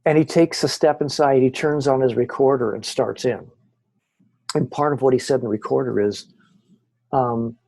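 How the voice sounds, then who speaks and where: Guest storyteller, husky and dark-toned, animated, voices every quote. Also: medium pitch, normal speed, no echo. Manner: animated, acts out quoted voices, frequent restarts. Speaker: guest telling haunting stories. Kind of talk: conversational storytelling interview.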